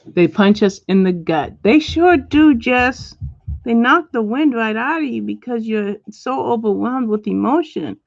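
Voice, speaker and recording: A middle-aged woman hosts a relaxed livestream from home, chatting freely and answering her viewers' comments one by one. Her voice comes through a muffled, lo-fi mic in a dead, dry room with no echo. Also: a little high, a little slow, creaky. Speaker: livestream host. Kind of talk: casual chat with viewers. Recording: dull lo-fi dry sound.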